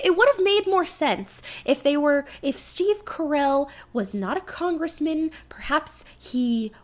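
Brief: high-pitched woman, animated and ranting, casual podcast co-host. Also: measured pace, few pauses. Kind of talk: casual chat.

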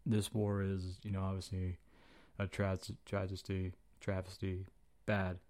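A man's voice: low-pitched, completely flat delivery, a little slow, a little mellow. A young man hosting a podcast, talking in a flippant, profane, slangy way and acting out quotes as he goes. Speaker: podcast host. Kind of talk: casual opinion monologue.

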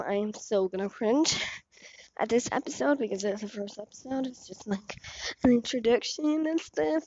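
Slow-talking sick Icelandic teen girl. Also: medium pitch, dry recording. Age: teens. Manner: rambling, self-deprecating. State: sick with a sore throat. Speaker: podcast host. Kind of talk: casual rambling monologue. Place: outdoors, walking along a street. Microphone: cheap earbud headphone mic. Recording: dull lo-fi earbud mic.

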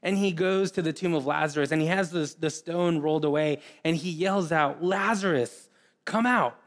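A man preaching a sermon in an earnest way, often repeating words and pausing. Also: on the high side, steady tone. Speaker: pastor.

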